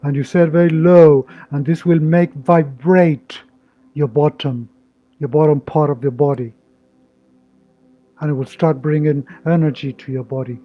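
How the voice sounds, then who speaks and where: A man leading a live-streamed guided meditation, speaking slowly and soothingly with gentle instructions. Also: a little high, fairly even intonation. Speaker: meditation teacher. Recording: dull lo-fi audio with music. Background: soft meditation music.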